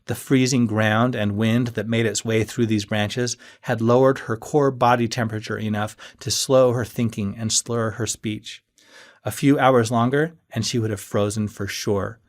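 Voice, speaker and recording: A man reading a first-person audiobook in a steady storytelling manner that rises with moments of tension. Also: fairly low pitch, moderate pace. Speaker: audiobook narrator.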